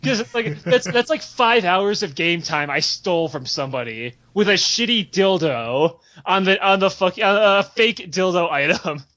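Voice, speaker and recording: A man's voice: high voice, expressive, moderate pace, few pauses, sharp tone. Rambling, cursing young man, lo-fi. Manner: profane, rambling, giggly storytelling. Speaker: podcast host. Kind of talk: casual storytelling chat. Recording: dull lo-fi podcast audio.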